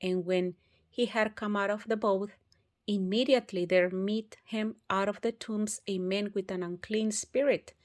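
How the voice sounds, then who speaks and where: A woman reading scripture aloud, carefully and with occasional restarts. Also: medium pitch. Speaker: Bible reader.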